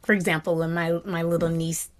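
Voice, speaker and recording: A woman meditation teacher giving a dharma talk in a gentle, reflective way. She often drops to a soft whisper and has animated bursts of delight. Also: fairly low pitch, a little fast.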